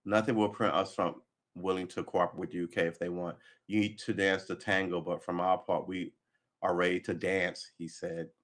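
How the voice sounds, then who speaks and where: Guy on a livestream reading news out loud, kinda low voice, trips over words and snarks about it. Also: flat delivery, a little fast. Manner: stumbling, sarcastic asides, swearing. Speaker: livestream host. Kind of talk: reading news aloud with casual commentary.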